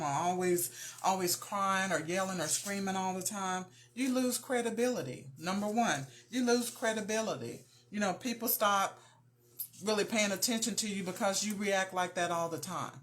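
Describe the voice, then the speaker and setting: A middle-aged woman hosting a motivational talk, speaking earnestly and directly to her viewers, repeating her key points and often calling them "you guys.". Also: on the low side. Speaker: host.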